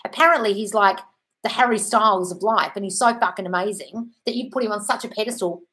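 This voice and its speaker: A woman's voice: mid-range voice, fast, a bit bright. A woman answering chat questions on a casual live stream, blunt and sweary, calling viewers darling.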